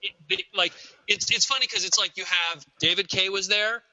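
A man co-hosting a podcast, telling animated stories in casual chat. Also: high-pitched, normal speed, crowd noise. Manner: animated storyteller, slips into quoted voices. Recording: dull, lo-fi, dry.

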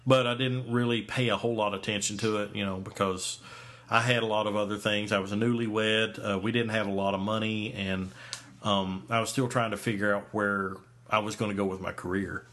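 A man's voice: on the low side, little pitch movement, brisk, fairly bright tone. A man in his forties, a podcast host, telling a story in casual chat, rambling with many fillers and restarts. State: hiccups.

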